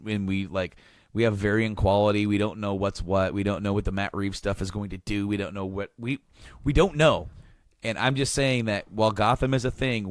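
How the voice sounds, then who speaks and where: A male podcast host talks in a low voice, rambling and enthusiastic with frequent restarts. It is easy casual chat. The sound is dry and close to the mic. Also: clean tone, no echo.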